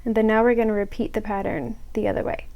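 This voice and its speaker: A woman's voice: fairly high pitch, flat delivery, quick pace, darkish tone, poor audio. A young woman casually explaining a crochet pattern step by step, with chatty, self-mocking asides. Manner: chatty, self-mocking asides, drops to a whisper when muttering to herself. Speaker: crochet tutorial host.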